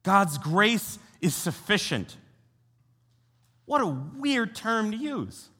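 A young American man, a youth pastor, preaching a sermon in an animated, conversational way and asking his listeners rhetorical questions. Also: high-pitched, slow pace, pauses often, husky. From United States. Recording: long hall reverb.

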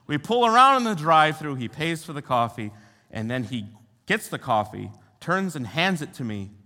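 A young American man preaches as a youth pastor, his voice bright and a little high, and his pitch swings widely. He keeps the sermon conversational and tosses rhetorical questions to the room. A long reverb from a large hall trails behind his words. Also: very animated, normal speed. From United States.

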